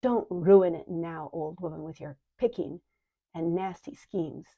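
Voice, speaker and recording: A woman's voice: fairly low pitch, measured pace, warm tone. A woman voicing an arrogant, ambitious man who speaks in a sing-song, commanding way. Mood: indignant. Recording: dull lo-fi recording.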